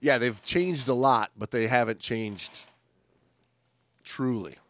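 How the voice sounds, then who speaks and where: A man co-hosting a diving podcast in relaxed casual chat, filling pauses with uh. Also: mid-range voice. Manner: relaxed, easygoing, fills pauses with uh. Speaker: scuba diving podcast co-host.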